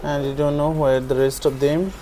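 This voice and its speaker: A man narrating a casual vlog outdoors as he checks on stray dogs, talking to them softly and tenderly. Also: fairly high pitch, level tone, moderate pace, a little hiss or hum. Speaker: vlogger caring for stray dogs. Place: outdoors, on a terrace.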